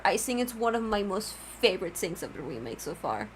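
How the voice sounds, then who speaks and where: A woman's voice: medium pitch, very animated, brisk, hardly any pauses, slight background noise. Giddy, gushing woman streamer. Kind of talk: casual let's-play commentary.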